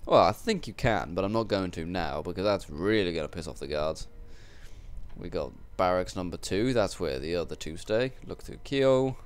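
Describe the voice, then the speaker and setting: A man's voice: low voice, lively intonation, moderate pace, clean tone. A young man casually commentating a video game, joking and rambling with crude asides. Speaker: gameplay commentator. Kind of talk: casual let's-play commentary.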